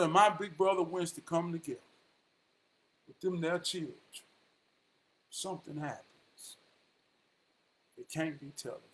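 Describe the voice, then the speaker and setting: A high-pitched Southern man talking slowly and deliberately. He gives motivational shout-outs like a sermon, repeating his lines, dropping to soft murmurs and then rising into loud bursts. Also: slight background noise, low-quality recording. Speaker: motivational vlogger.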